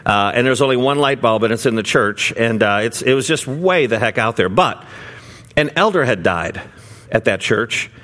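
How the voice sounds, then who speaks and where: Speaking at a moderate pace with medium pitch, this middle-aged preacher tells a story during his sermon. He keeps it loose and chatty, stumbling through plenty of fillers and false starts.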